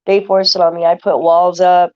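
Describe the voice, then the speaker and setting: Low-voiced woman rambling to her viewers. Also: level tone, moderate pace, a little mellow, muffled recording. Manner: rambling, heavy with "like" and "uh" fillers. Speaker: livestreamer answering chat. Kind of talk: casual rambling talk to viewers.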